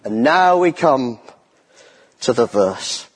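A middle-aged man, a lay preacher, takes his time through an earnest, emphatic church sermon, repeating key phrases for weight. His medium-pitched voice is expressive with a breathy edge. The echoey church hall adds long reverb.

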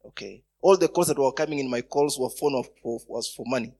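A man preaching a sermon, telling stories and breaking into loud bursts of emphasis. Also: medium pitch, brisk, slightly rough.

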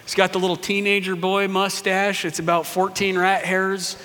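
A man preaching a sermon, retelling a story with lively asides and playful voices for its characters. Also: high voice, normal speed. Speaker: pastor. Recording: long hall reverb.

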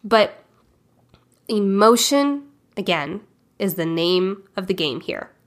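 A woman's voice: medium pitch, lively intonation, slow pace. A woman hosting a podcast, giving frank and direct self-help coaching and casually swearing. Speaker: podcast host.

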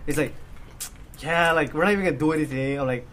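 A man's voice: on the high side, quick pace, a little hiss or hum. A young man telling a story in casual podcast chat, acting out the quoted lines. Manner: animated, acts out quoted lines. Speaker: podcast host.

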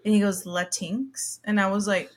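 A young woman co-hosting a podcast in relaxed, casual chat. She tells stories with plenty of fillers and laughs easily. Her voice is bright and forceful, at a middle pitch. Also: measured pace. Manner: chatty storyteller, laughs often, many fillers. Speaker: podcast co-host.

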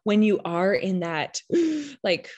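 A mother talks in a relaxed, meandering way, her voice sitting a little low. She leans on lots of fillers as she thinks out loud. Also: normal speed. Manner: rambling, filler-heavy, reflective. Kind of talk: casual chat.

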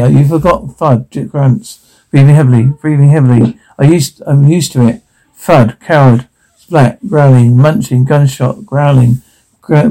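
Gravelly man reading out a zombie film scene. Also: medium pitch, dark tone, low-quality recording. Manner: plainly reads action cues between lines of dialogue. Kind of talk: reading out dialogue and sound cues.

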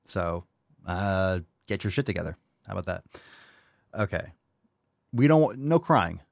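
A man's voice: deep voice, expressive, measured pace, vocal fry, no echo, studio quality. A man hosting a casual fitness podcast, reading listener posts and answering with blunt, profane tough-love rants. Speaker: podcast host.

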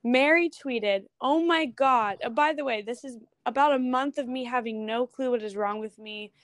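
A woman's voice: on the high side, no room sound. Young woman, casual interview guest, rambling storyteller; dry recording. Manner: chatty, with restarts and quick asides. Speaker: guest photographer.

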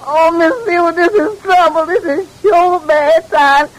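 An actress playing a frightened, crying housemaid who pleads anxiously in a 1940s radio drama. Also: female voice, very high-pitched, measured pace, low-quality recording. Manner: pleading, dialect speech.

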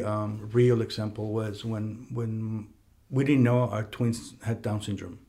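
A man hosting a casual talk, telling a personal story in a conference room, lively when he quotes other people. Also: lowish voice. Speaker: podcast host. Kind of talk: casual conversation. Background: heater running.

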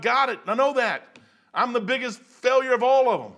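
An older man giving an informal sermon in a folksy, excitable way, breaking into loud outbursts. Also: extremely high pitch, moderate pace. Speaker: preacher.

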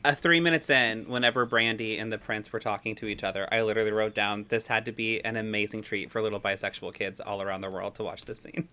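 A man's voice: lowish voice, steady tone, fast talker, hardly any pauses, bright, forceful tone, clean tone. A man co-hosting a podcast who gushes in a casual chat and laughs between lines. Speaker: podcast co-host.

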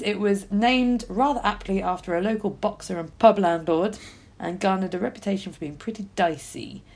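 A woman co-hosting a podcast, bantering and retelling news stories. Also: mid-range voice. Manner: bantering, animated storytelling. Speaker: podcast co-host. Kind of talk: casual chat.

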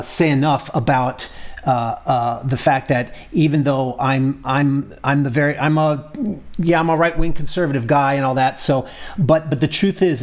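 A man in a casual discussion, talking haltingly with many restarts and fillers. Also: medium pitch, darkish tone.

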